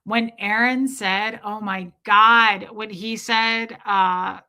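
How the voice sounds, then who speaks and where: A woman's voice: mid-range voice, steady tone, slow, pushed and bright. A woman hosting a livestream in casual chat with viewers, telling stories freely, laughing and swearing as she goes. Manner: chatty storyteller who laughs and swears freely. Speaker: livestream host.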